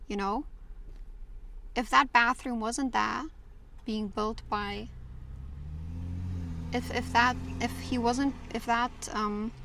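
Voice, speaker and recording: A woman streaming from a car, telling a long story in a casual, animated way, repeating "I'm like" and swearing freely. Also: fairly high pitch. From South Africa. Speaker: IRL streamer. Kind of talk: casual storytelling while driving. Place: car on safari drive. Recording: noisy car background. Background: car engine and road noise.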